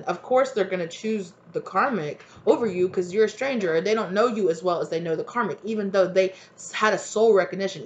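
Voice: mid-range voice, fairly bright tone. Rambling tarot reader, slightly dull recording. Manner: rambling, repetitive, full of "like" and "right?". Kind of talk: casual tarot reading monologue.

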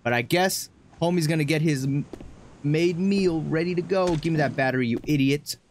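A man streaming a horror game, joking, excitable and laughing often. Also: on the high side, a little hiss or hum. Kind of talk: horror game let's play commentary.

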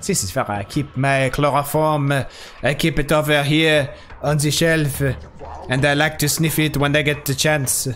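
A man putting on a mock German accent as a creepy, soft-spoken man who hoards chloroform, in a slow, low purr. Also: steady tone, soft background music.

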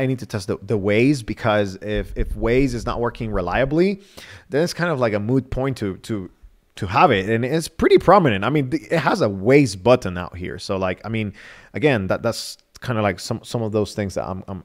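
A man from Nicaragua hosting a live-stream phone review, talking casually with many fillers and restarts. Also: fairly low pitch. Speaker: livestream host reviewing a phone.

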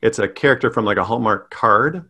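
A middle-aged man, a guest actor, playing around with silly accents and laughing often in a relaxed improv chat. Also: on the low side, a little fast, husky.

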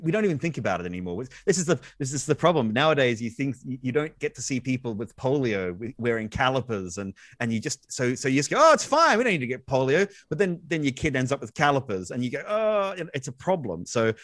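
A man on a podcast as a guest, explaining science with excitable energy and quick restarts. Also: medium pitch, no room sound. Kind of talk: animated conversational explaining.

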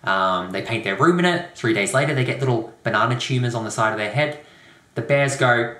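A young man hosting a comedic rant video, talking with sarcastic, deadpan asides. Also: lowish voice, brisk. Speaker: YouTube host. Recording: roomy echo.

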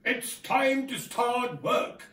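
A woman voicing a loud, commanding voice that calls the sleepy leaves awake, in a storytelling show. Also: fairly high pitch, drawn-out words. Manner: loud, bossy, calling out. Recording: roomy echo from a distance, soft music.

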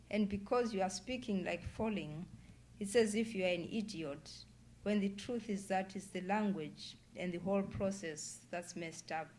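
A woman author reading her own novel aloud at an indoor public event, in a measured, deliberate way. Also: mid-range voice, darkish tone, a little hiss or hum. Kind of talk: literary reading.

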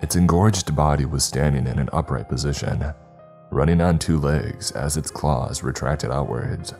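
A man with an extremely deep, dark, mellow voice narrates a scripted horror story. He tells it in a measured, dramatic way, with faint music running underneath. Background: faint background music.

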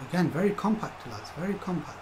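Over a noisy background, a young man with a voice on the high side commentates live on his own football video game match. The streamer swears a lot and addresses his chat as "lads."

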